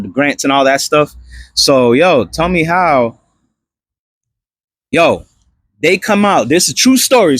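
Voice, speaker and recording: Young male storyteller, slightly high-pitched, animated slangy delivery, dry close sound. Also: slightly rough, no room sound. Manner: animated, slangy, many fillers and restarts. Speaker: vlogger telling a personal story. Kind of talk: casual storytelling testimony.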